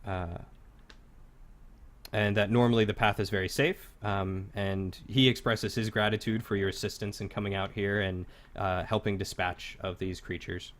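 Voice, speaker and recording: A man narrating as game master in a tabletop game, describing scenes in a halting, loose way. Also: on the low side, fairly even intonation, fairly bright tone.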